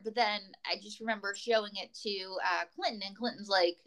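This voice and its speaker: A woman's voice: mid-range voice, expressive, fast, few pauses, a bit bright, clear, resonant tone, poor audio. A woman comedian telling rambling, tangent-filled stories as a guest in a casual chat. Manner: rambling, tangent-prone storytelling.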